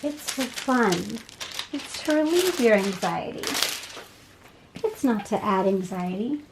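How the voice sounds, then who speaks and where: A woman chatting casually as she unboxes craft kits, gushing with soft laughs. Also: on the high side, lively intonation, slow pace, noisy background. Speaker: unboxing vlogger.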